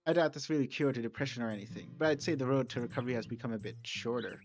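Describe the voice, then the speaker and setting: A man streaming a playthrough, reading the narration aloud and breaking off for relaxed, chatty asides. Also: mid-range voice, racing. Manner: relaxed, chatty, self-correcting. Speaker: streamer reading a visual novel mod. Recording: slightly dull with soft music.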